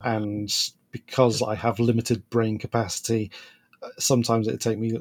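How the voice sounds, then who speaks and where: A man with a slightly husky voice co-hosts a podcast in relaxed, chatty talk. He laughs often and trails off into fillers as he goes. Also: lowish voice, moderate pace. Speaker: podcast co-host. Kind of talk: casual podcast chat.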